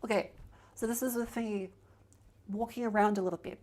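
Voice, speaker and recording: A woman's voice: medium pitch, steady tone, a little fast, darkish tone. A chatty woman streamer with a mid-range voice, rambling and joking between checks. She holds a handheld mic and moves it around as she talks, at home in her streaming room. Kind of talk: casual live-stream chat. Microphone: handheld mic moved around while testing.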